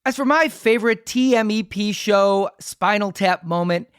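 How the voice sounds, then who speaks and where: A podcast host leads into an interview question with a prepared setup, speaking at a middle pitch. The sound is close and dry. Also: moderate pace, clear, resonant tone, no echo.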